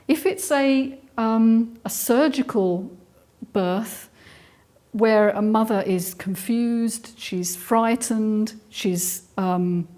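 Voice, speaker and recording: A middle-aged Englishwoman speaks live to an audience about trauma, earnest and explanatory, often pausing with "um" and restarting her sentences. Her voice is fairly high with a dark tone.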